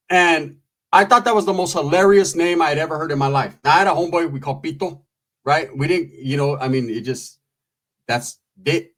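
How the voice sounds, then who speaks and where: Husky-voiced man telling rambling stories. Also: a little high, fairly quick, fairly bright tone. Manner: rambling, profane, with frequent asides and laughs. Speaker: storyteller. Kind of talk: casual profane storytelling.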